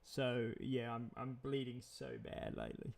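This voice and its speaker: A man talks casually in a vlog, drifting from one thought to the next. He repeats words and chuckles often, and his voice sits at a middle pitch. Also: huge pitch swings, a little slow, vocal fry. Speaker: vlogger. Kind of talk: casual rambling monologue.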